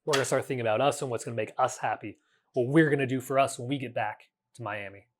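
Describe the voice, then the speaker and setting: Hosting a reflective podcast on his own, this man in his thirties talks at a medium pitch, earnest and halting, with frequent restarts and casual swearing. There's a little hiss or hum in the background.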